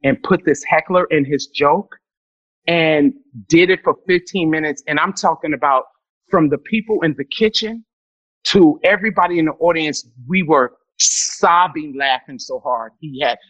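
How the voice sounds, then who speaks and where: A woman comedian telling animated, profane stories as a podcast guest, breaking into loud laughter. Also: low-pitched, moderate pace, no echo, muffled recording. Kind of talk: storytelling in a podcast interview.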